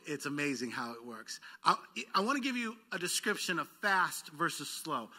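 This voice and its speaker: Male pastor, slightly high, very bright voice, lively sermon delivery with call-and-response. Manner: engaging the congregation for call-and-response; lively, quick bursts then slowed words. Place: church sanctuary.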